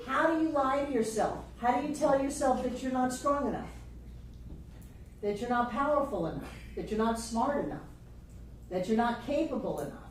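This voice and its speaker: A fairly high-voiced woman leads a class, teasing and lively, voicing people's self-talk for the group. She sounds far from the mic in a very echoey room, with a faint hiss behind her. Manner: playful, acts out quoted inner voices, laughs often. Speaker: spiritual teacher. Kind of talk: class lecture.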